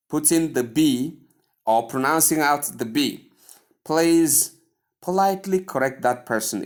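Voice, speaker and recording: A man from Nigeria teaches English pronunciation at a very unhurried pace. He says each word several times over as he drills it, and he earnestly urges his listeners on. His voice sits at an ordinary middle pitch. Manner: earnest and gently urging. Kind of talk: slow instructional lesson over slides.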